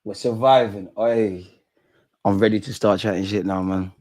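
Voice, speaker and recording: A young man hosting a live football watch-along, reacting with slangy banter that swings from loud shouting to low muttering. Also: steady tone, normal speed, a little hiss or hum. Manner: slangy banter, swears at the screen. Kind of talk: live match reaction commentary.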